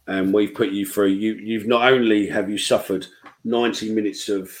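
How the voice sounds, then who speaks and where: A man's voice: fairly low pitch, level tone, normal speed, low-quality recording. A man co-hosting a casual football chat show, blunt and sweary. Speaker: podcast co-host.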